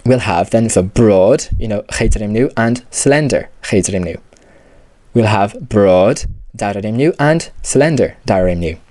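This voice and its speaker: A man gives a step-by-step grammar lesson, patient and repetitive, dropping "you know" and "okay" as he goes. His voice is low-pitched and mellow. The recording is dry and close, with no room sound. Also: animated, measured pace, no echo. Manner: patient, repeats key terms, many fillers like "you know" and "okay". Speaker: language teacher. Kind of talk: explanatory lesson.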